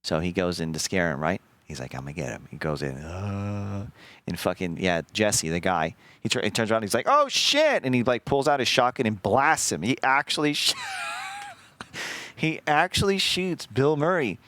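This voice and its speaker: A man streaming a video game, chatting casually and telling a rambling, profane story in an animated way. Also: lowish voice, normal speed. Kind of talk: casual gameplay commentary.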